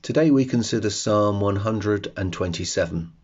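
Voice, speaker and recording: A man hosting a devotional podcast, reading and reflecting on a psalm in a slow, measured way. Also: fairly low pitch, darkish tone, breathy edge, dull audio. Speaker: podcast host.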